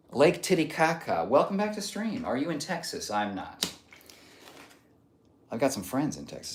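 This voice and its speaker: A man's voice: medium pitch, big pitch swings, slow pace, long pauses, echoey room, a little hiss or hum. A man hosting a casual livestream and reading out viewer comments, easygoing and often trailing off into a murmur. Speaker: livestream host. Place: home room on a stretching livestream.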